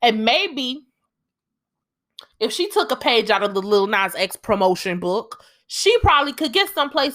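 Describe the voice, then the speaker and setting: A young woman holds forth on her solo podcast, heated and emphatic, swearing freely. Her voice is bright and forceful and sits somewhat high. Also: sing-song, normal speed. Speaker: podcast host.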